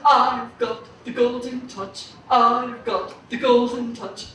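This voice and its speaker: A woman's voice: fairly even intonation, takes it slowly, fairly bright tone, slight background noise. A woman playing a greedy, wonderstruck king who exclaims theatrically, performed live for children. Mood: delighted. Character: greedy, giddy king, middle-aged man. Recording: booming echo, mic far off.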